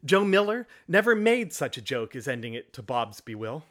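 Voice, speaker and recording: A man reading aloud and voicing an elderly miser who has turned giddy and generous, exclaiming with excitement. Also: medium pitch, normal speed. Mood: gleeful. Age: older. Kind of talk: storybook reading.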